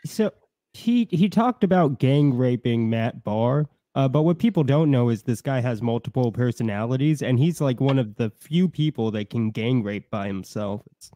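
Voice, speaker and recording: A man on a live stream making deadpan, sarcastic jokes. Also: mid-range voice, normal speed, no room sound.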